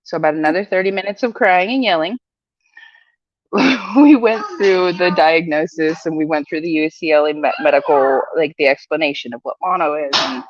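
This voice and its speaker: A woman in her forties telling a family story in casual chat, lively and quick to laugh. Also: deep voice, no echo, highs cut off. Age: 40s. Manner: animated, laughs often.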